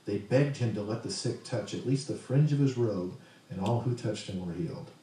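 A man's voice: fairly low pitch, normal speed, mellow, heavy reverb, recorded from a distance, slight background noise, poor audio. A man preaching a sermon in a conversational way, asking the congregation questions as he goes. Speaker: pastor.

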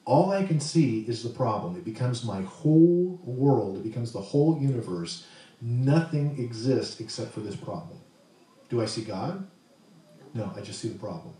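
A man's voice: medium pitch, animated, moderate pace, dark tone, heavy reverb, far from the mic, low-quality recording. A man preaching a sermon in a conversational way, asking the congregation questions as he goes. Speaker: pastor.

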